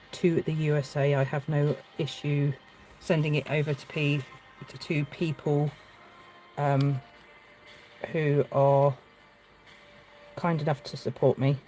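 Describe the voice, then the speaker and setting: On a roughly recorded live stream, a woman paints and talks casually in a low, slightly mellow voice. She's a mother, her speech halting with fillers and restarts, and she grows tearful at times.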